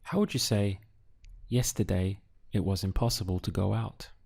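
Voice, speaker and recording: A man teaching a language lesson, asking the listener to translate phrases, pausing, then giving the answers and breaking words into syllables. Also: low voice, steady tone, vocal fry, darkish tone, slightly rough. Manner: poses prompts, pauses, then gives answers syllable by syllable. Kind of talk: slow, deliberate audio language lesson.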